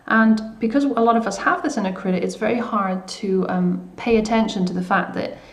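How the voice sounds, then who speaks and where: A woman coaching viewers in a self-help video, speaking gently and hesitantly, with many fillers and restarts. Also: medium pitch, a little fast, reverberant.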